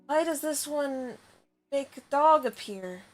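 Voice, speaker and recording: High-voiced baffled woman streamer. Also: lively intonation, slow pace, faint music behind. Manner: baffled and rambling, breaking into laughter. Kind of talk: casual live-stream chatter.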